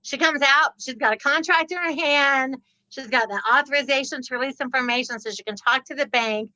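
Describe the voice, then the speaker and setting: A woman guest on a podcast, telling a story with lively laughter and acting out the people in it. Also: high voice, brisk, no echo, low-quality recording. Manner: laughs often, acts out the people in her story. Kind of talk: animated storytelling.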